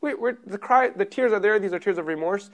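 Emphatic high-voiced male religious teacher. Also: brisk. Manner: emphatic, with rhetorical questions to the audience; swings between loud stress and soft low passages. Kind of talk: sermon-style class.

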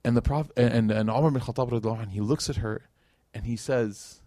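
A man's voice: medium pitch, quick pace, mellow, no room sound. Chatty male lecturer in a dry room. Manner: conversational, many fillers like "like" and "right?", acts out quotes. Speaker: speaker teaching Islamic history. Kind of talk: casual lecture storytelling.

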